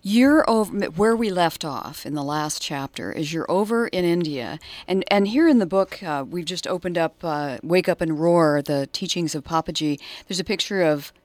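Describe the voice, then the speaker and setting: A woman hosts a public radio interview in a slightly low voice, friendly and curious. She speaks close to a studio mic in a dry booth. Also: normal speed, hardly any pauses, darkish tone, no echo. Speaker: radio host. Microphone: studio microphone.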